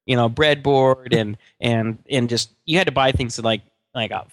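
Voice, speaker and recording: A man's voice: medium pitch, normal speed, dry recording, clean studio sound. A middle-aged man co-hosting a podcast in casual chat, rambling with many restarts and fillers. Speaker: podcast co-host.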